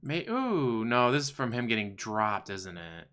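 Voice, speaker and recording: Male stream host, bright crisp voice, sarcastic and crude, casual commentary. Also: medium pitch, big pitch swings, measured pace. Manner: profane, sarcastic, mocking.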